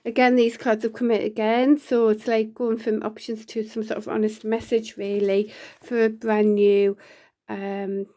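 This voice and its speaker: A woman's voice: a little high, flat delivery, unhurried, mellow. A woman giving a casual, rambling tarot reading, full of fillers and restarts. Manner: laughs often between lines. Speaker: tarot reader.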